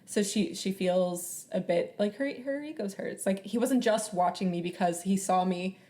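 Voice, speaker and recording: A woman's voice: medium pitch, moderate pace, dark tone. A chatty young woman co-hosts a casual book podcast without her usual mic. She speaks in an agreeable way and keeps murmuring along while her friend talks. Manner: chatty, agreeable, frequent back-channel murmurs. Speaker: podcast co-host. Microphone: borrowed mic, sound a little different.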